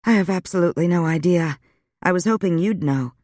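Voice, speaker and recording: A man's voice: sits high, fairly quick, darkish tone, dry recording, voice pushed up, lightly acted. A frank young heroine asking questions in a raised, lighter voice, as a male narrator plays her. She sounds curious and direct. The audiobook recording is dry and close. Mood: uncertain.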